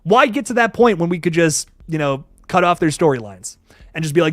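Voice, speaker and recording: A man's voice: a little high, animated, fairly quick, a bit bright, no echo, studio quality. A young man casually chatting on a live stream, swearing often and reading viewers' chat messages aloud.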